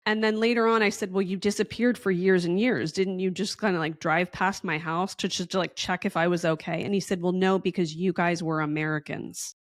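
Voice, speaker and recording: A chatty woman rambles through a story, slipping into the voices of the people she quotes. Her voice sits on the low side. The sound is close and dry, with no room around it. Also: fairly even intonation, a little fast, few pauses, no echo. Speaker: podcast guest. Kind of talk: casual storytelling interview.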